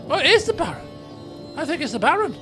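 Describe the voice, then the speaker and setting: A man's voice: very high voice, sing-song, fast. A man with a British accent, casually commenting on a video game and reading its dialogue aloud with some drama. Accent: British English. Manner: chatty and rambling, turning dramatic when reading lines aloud. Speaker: let's play host. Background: game music.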